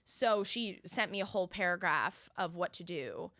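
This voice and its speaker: A woman's voice: fairly low pitch, moderate pace, dry recording, studio quality. A young woman from Philadelphia in her twenties, co-hosting a podcast and telling a story in casual chat, acting out both sides of a conversation. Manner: animated storytelling with quoted voices. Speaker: podcast co-host.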